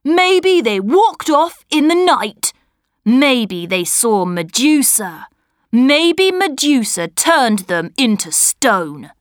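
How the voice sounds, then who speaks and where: Lady reading a bossy bearded guard, barking, a bit slow, close and dry. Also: a little high, big pitch swings, no room sound. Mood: dismissive. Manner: barking orders. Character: gruff bearded male guard, bossy and rude.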